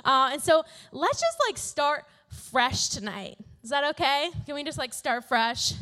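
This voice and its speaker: A young woman preaching to a youth group in a relaxed, chatty way, full of slang and easy laughs. Her voice sits a bit high and bright in pitch. She reads and prays warmly but informally. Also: measured pace. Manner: slangy, upbeat, laughs often. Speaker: youth pastor. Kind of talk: casual sermon.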